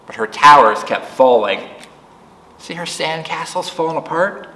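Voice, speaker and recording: A man reading a picture book aloud to children at a storytime, chatting with them between pages. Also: on the high side. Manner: slow, animated read-aloud voice for children. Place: library room. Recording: echoey room, distant mic.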